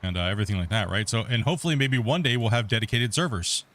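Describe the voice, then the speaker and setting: A middle-aged man hosts a multiplayer game stream, giving casual gameplay commentary in a laid-back, rambling way and restarting sentences often. He talks rapid-fire and animated, with a lowish, slightly bright voice.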